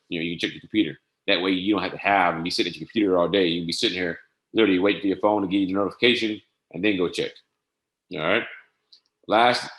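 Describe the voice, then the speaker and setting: Man, casual software tutorial, lowish voice, spells things out step by step, echoey room. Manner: casual, repeats "all right" and spells codes out slowly. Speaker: trading software instructor. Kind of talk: screen-share software tutorial.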